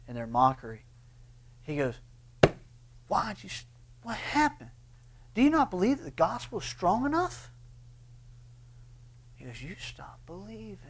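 A man preaching a sermon, swinging between loud impassioned bursts and hushed, intense lines. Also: on the high side. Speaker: pastor.

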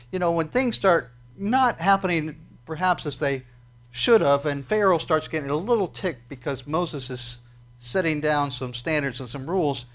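A man preaching a sermon in a conversational way, often asking his listeners questions. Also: a little high. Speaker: pastor.

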